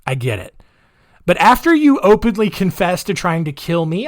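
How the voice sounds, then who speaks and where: Podcast guy telling history stories, sarcastic asides, kinda high voice, dry close sound. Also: big pitch swings, normal speed, no echo. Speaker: podcast host. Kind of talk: casual storytelling about history.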